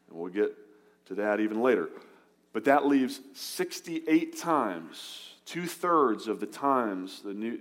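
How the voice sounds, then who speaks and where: A man preaching a sermon to his congregation, earnest, rising for emphasis and dropping soft and low on key words. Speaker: pastor.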